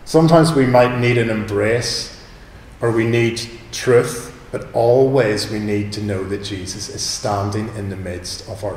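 A man preaching a sermon in a conversational, animated way, asking his listeners questions. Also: medium pitch, a little hiss or hum. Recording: echoey hall with long reverb.

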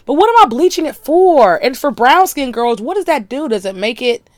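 A woman hosting a podcast, talking in a blunt, crude, animated solo monologue with laughing asides. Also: sits high, normal speed, no echo, studio quality. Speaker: podcast host.

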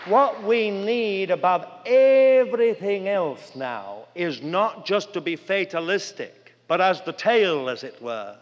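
An older man preaching a sermon, earnest and dramatic, with big swings in pitch and loudness as he tells stories. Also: expressive, takes it slowly, few pauses. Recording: long hall reverb, dull lo-fi sound.

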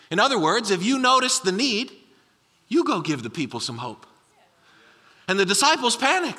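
A man preaching a sermon, retelling a Bible story with animated storytelling and putting on voices for the disciples. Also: fairly quick, in a large hall. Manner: animated, acts out the disciples in a higher voice. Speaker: pastor.

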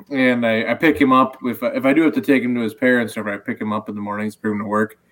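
Man, podcast co-host, laid-back, profane, casual chat, average pitch. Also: fairly even intonation, fast, fairly bright tone.

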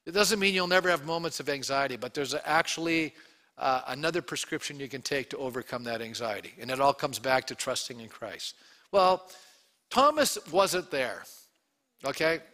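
A man, a pastor, preaching an Easter sermon to his congregation, telling the story with animated asides and questions to the room. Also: mid-range voice, normal speed. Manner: animated storytelling, acting out quotes.

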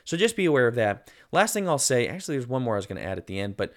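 A man's voice: mid-range voice, sing-song, racing. A man in his thirties co-hosting a casual podcast, earnest and self-deprecating, with plenty of fillers. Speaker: podcast co-host.

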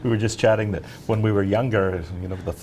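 A male orchestra president in a casual interview, explaining things in a measured way. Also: on the low side, steady tone, darkish tone, slight background noise.

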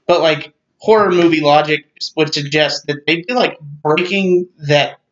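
A man's voice: fairly high pitch, measured pace. Argumentative man on a lo-fi podcast. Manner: argumentative, pressing his points. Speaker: podcast co-host. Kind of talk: casual film discussion. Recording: dull lo-fi sound.

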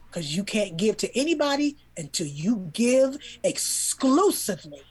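A woman's voice: medium pitch, big pitch swings, measured pace, few pauses, a little mellow, slightly rough. A woman, a children's book author and illustrator, telling a heartfelt story as a podcast guest, earnest and emotional, repeating words when moved.

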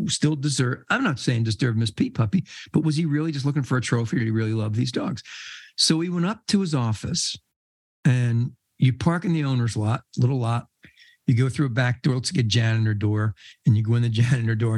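A man's voice: mid-range voice, darkish tone, breathy edge, dry recording. An older man, a podcast guest, telling casual rambling anecdotes and laughing mid-sentence. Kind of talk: casual storytelling.

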